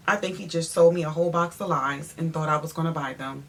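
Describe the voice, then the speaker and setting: A woman interior designer telling a story in an animated, emphatic way, speaking straight to her viewers. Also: low-pitched, fast talker, few pauses. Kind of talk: storytime vlog.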